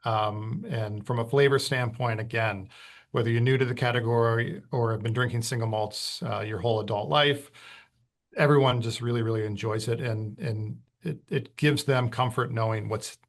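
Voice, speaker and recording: A man's voice: mid-range voice, fairly even intonation, normal speed, gravelly. A man talking as a whisky brand ambassador, explaining at ease with many fillers in a podcast interview.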